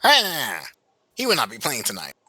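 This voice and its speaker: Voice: mid-range voice, wildly swooping pitch, normal speed, sharp tone, a little hiss or hum, heavily acted, rough recording. A performer voicing a formal, theatrical male gambler in a fan-voiced game playthrough. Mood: mysterious. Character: smooth male card-playing gambler.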